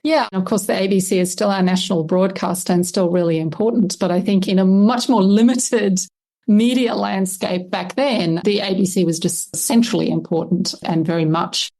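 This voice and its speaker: A woman's voice: mid-range voice, normal speed, mellow. A middle-aged Australian woman, a historian, answering interview questions thoughtfully with many "I mean" asides. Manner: thoughtful, with frequent "I mean" and light laughs. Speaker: historian and lexicographer guest.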